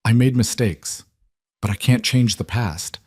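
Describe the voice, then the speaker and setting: A man's voice: mid-range voice, a little slow, breathy edge, no echo, studio quality. A man reading the lines of a proud, defensive young mother in a told story. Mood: firm. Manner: quiet, firm.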